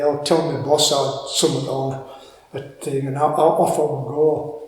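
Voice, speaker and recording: An older man with a Cumbrian accent telling a story in an interview, halting and repeating words as he goes. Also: on the high side, flat delivery, slight background noise. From Cumbria, England. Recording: echoey room with long reverb.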